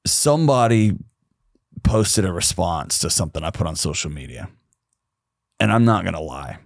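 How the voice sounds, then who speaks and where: A man's voice: low-pitched, moderate pace, creaky, dry recording, clean studio sound. A man, a podcast guest telling personal stories and acting out the voices of the people in them. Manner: animated storyteller, acts out quoted voices. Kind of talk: storytelling conversation.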